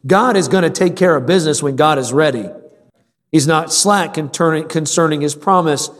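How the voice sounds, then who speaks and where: A man's voice: a little high, moderate pace. Earnest man preaching in an echoing sanctuary. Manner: earnest, emphatic preaching with repeated phrases. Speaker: pastor. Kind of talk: sermon. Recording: long reverb of a large room.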